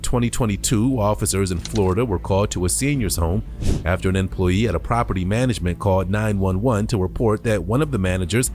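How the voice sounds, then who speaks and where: A man reads scripted narration for a true-crime recap in a measured, even way. Soft music plays faintly behind him. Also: fairly low pitch.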